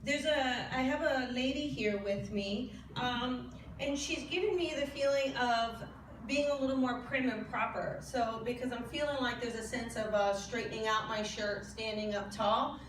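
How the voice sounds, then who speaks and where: A woman's voice: on the high side, moderate pace, slight background noise. A woman working as a spiritual medium, giving a chatty live reading to an audience, often laughing and asking questions. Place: hall at a spiritual service. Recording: echoey hall, from far off.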